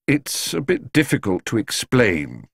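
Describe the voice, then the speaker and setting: A man's voice: mid-range voice, very animated, unhurried, no room sound, studio quality, pitched above the performer's own voice. A man voicing a polite, earnest young bear who patiently explains himself in a storybook reading. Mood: explaining.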